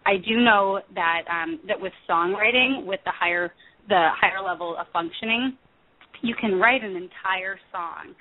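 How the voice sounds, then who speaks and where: A woman's voice: medium pitch, normal speed, crowd noise. A woman in her thirties, a music therapist, answering interview questions thoughtfully, with many fillers and self-corrections. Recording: tinny phone line.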